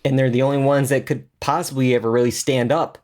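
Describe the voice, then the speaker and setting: A man co-hosting a television review podcast, chatting in an easy, excited way. He circles back on himself with ums and restarts as he goes. His voice sits in an ordinary middle pitch. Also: quick pace. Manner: chatty, enthusiastic, many fillers and restarts. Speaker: podcast co-host. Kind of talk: casual TV review chat.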